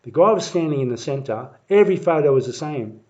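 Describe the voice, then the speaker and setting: A man telling a family story in a rambling, halting way, full of fillers and restarts, livening up when he mimics the crowd. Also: a little high. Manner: lively when acting out crowd voices. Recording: muffled lo-fi recording.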